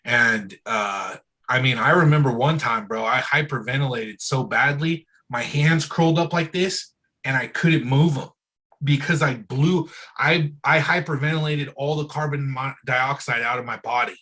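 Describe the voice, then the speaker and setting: A man with a slightly husky, mid-pitched voice speaks as an interview guest. His talk is loose and candid, full of casual asides like bro and dude. It sounds like an easygoing one-on-one chat. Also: moderate pace, sharp tone, poor audio. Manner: loose and frank, often says "bro" and "dude".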